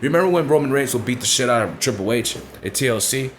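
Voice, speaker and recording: A man's voice: medium pitch, lively intonation, fast talker, slight background noise. A man ranting in a blunt, profane way in casual talk, often asking if you know what he's saying. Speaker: wrestling commentator vlogger. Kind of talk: casual opinion rant.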